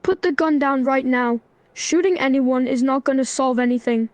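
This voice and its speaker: A synthetic woman's voice speaking as a stern young man, scolding in a flat, even manner. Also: high voice, moderate pace, no room sound, lightly acted. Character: stern young man trying to stop a fight. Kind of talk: AI role-play chatbot voice.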